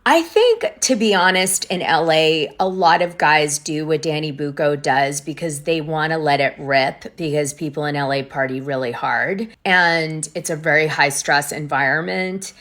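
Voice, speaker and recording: A woman hosting a casual reality TV recap, chatty and gossipy, with quick asides. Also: low voice, fairly bright tone. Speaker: gossip show host.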